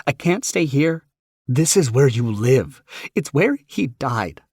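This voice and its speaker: A man voicing a grieving young woman who lashes out in raw, sharp words. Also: medium pitch, very animated, slow pace, slightly rough, dry recording, clean studio sound, pitched above the performer's own voice, heavily acted. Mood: bitter.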